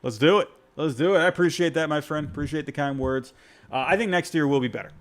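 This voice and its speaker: A fast-talking man with a fairly high-pitched voice hosts a casual postgame call-in podcast. He answers fan voicemails with sports reactions, rambling and interrupting himself along the way.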